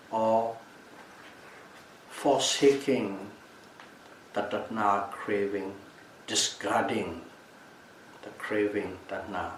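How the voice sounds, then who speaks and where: Slow, calm man giving a Dhamma talk. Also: fairly low pitch. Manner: calm, repeats and restates key terms. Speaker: meditation teacher. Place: retreat meditation hall. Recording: echoey room, mic at a distance, faint background noise.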